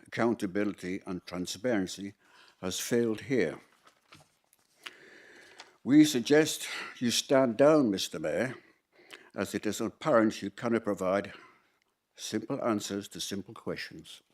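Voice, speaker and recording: A man's voice: fairly low pitch, normal speed, darkish tone. A man from the public putting pointed, insistent questions to a council during question time. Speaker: member of the public asking questions.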